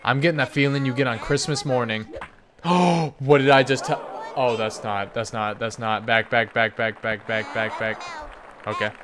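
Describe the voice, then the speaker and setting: A man giving excited game commentary as a gaming YouTuber, hyped and cheering players on by name. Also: mid-range voice, normal speed, background noise.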